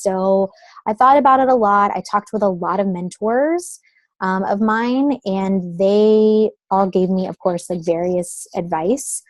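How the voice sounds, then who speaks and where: A woman's voice: medium pitch, unhurried, no echo. A woman in her thirties, a guest on an interview over the phone, talking casually and filling her speech with "like" and "um". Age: 30s. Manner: chatty, uses many fillers like "like" and "um". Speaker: guest, creative consultant. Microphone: phone call.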